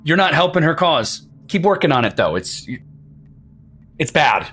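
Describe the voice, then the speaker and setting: A man's voice: a little high, sing-song, normal speed, a bit bright, slight background noise, voice pushed up. A man voicing a rude, blunt town guard who swears. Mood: grudging.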